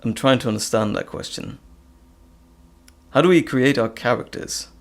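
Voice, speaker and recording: Man with a gravelly, lively voice. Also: mid-range voice, normal speed. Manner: hesitant, frequent ums, reads chat questions aloud. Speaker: live stream host and audio creator. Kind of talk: casual live stream chat.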